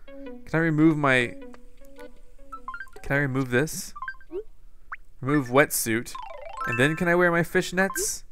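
A man's voice: a little high, slow pace, pauses often. Playful man commenting on gameplay. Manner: playful, jokey, self-mocking asides. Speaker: gaming channel host. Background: faint game music.

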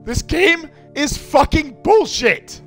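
Young male gamer, hoarse panicky screamer, high voice, drawls between outbursts. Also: expressive, slow, pushed and bright, soft background music. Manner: screams and swears at the game, panicky. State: going hoarse from yelling. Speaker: gaming streamer. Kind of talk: horror game playthrough commentary.

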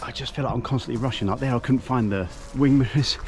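A man's voice: mid-range voice, quick pace. A man talking casually to camera as a caravan vlogger, rambling and self-deprecating. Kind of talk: casual vlog chat. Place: outdoors at a campsite in cold weather.

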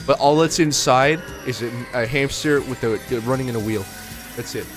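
A man's voice: medium pitch, a little fast, over music. A man streaming a game, giving sarcastic, self-mocking commentary full of swearing and banter with his chat. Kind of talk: live gameplay commentary.

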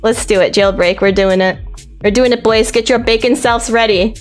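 Upbeat woman streamer, chatty and playful, higher voice over soft background music. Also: moderate pace. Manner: excited, repetitive, playful. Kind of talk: casual live-stream chat.

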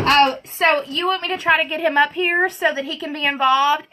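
A woman's voice: high-pitched, steady tone, brisk, few pauses, bright, forceful tone. A woman chatting casually on a livestream, greeting viewers by name and giggling as she tells a story. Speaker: livestream host. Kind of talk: casual live chat while doing makeup.

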